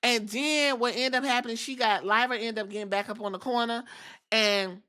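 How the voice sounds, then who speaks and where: A woman's voice: fairly high pitch, fairly even intonation, normal speed, pushed and bright. A woman hosting a podcast, recapping events in a blunt, profane, chatty way. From outside the US. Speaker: podcast host.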